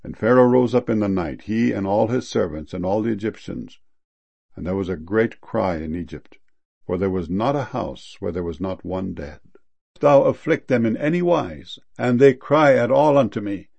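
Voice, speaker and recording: A man reading old King James scripture verses aloud in a measured, solemn recitation. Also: lowish voice, lively intonation, vocal fry, darkish tone, lo-fi sound. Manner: measured solemn recitation, raising his voice on exclamations. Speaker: scripture reader.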